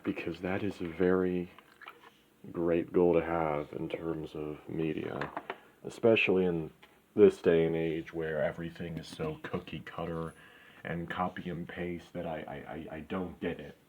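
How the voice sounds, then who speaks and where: A man's voice: low-pitched, level tone, unhurried. A man talking in a rambling, profane, ranting monologue as host of his own channel. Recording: slightly dull lo-fi, faint background noise.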